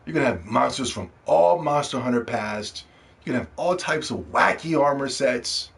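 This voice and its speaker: A man hosting a casual solo gaming podcast, joking and ranting in a loose, profane way that swings from loud excitement to quiet asides. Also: mid-range voice, normal speed, creaky. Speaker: podcast host.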